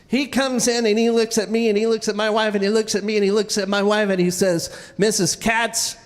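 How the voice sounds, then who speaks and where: A man's voice: high voice, flat delivery, fairly quick, big-room sound. A man telling a comic, self-deprecating story live on stage, stammering and restarting as he goes.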